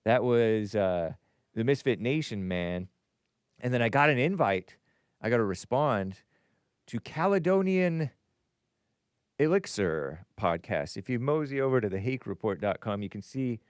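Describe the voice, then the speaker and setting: A man's voice: lowish voice, lively intonation, unhurried, clean tone, no echo. A man hosting a live call-in show in a rambling, jokey way, laughing at his own asides. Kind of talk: casual live-stream chat, reading viewer messages.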